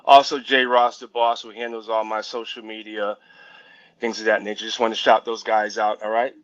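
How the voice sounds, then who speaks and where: A man from the United States, a musician guest, talking in a relaxed, easygoing way and often saying "you know". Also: lowish voice, moderate pace, muffled recording. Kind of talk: casual interview chat.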